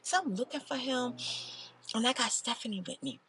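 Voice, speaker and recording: A woman telling a personal story in a soft-spoken ASMR style, chatty and casual. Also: fairly quick, a little hiss or hum. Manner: soft, low-key delivery. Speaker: storytime channel host.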